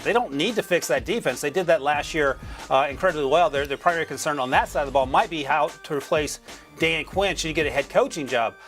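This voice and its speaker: A man from North Carolina, a sports analyst guest, talking through draft picks in a quick, joking way on a studio mic. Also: on the high side, a bit bright. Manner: quick, joking, chuckles while explaining.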